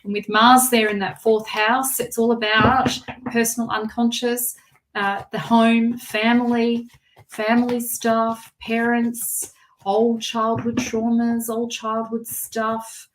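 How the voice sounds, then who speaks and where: A woman giving a live tarot reading, soft and reassuring, often repeating her phrases. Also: a little high, little pitch movement, takes it slowly. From Australia. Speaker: tarot reader.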